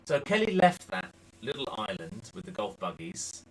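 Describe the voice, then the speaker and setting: Teasing man, lively voice. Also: lowish voice, moderate pace, low-quality recording. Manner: chatty, teasing, joking. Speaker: co-host of a dance channel Q&A. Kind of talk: casual chat.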